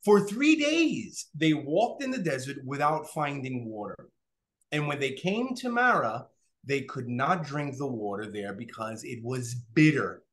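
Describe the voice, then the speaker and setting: A man teaching a Bible study in an animated way. He keeps checking in with his listeners and acts out what people would say. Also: mid-range voice, measured pace. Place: online class, remote listeners.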